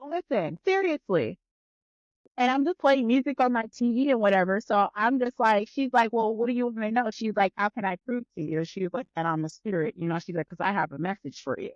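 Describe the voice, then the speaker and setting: A woman guest on a podcast telling a story in casual chat, animated and profane, acting out both sides of the conversation. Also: on the high side, brisk, dry recording, muffled recording.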